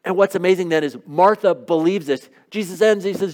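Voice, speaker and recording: A man's voice: sits high, a little fast, darkish tone. A man preaching a sermon, asking the congregation questions in an emphatic way. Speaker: pastor.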